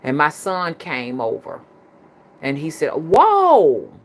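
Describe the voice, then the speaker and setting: A woman's voice: very deep voice, unhurried, fairly bright tone. A middle-aged woman with a Southern US accent, a spiritual reader chatting casually to her viewers and telling a story. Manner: colloquial, chatty, addresses the audience as "y'all".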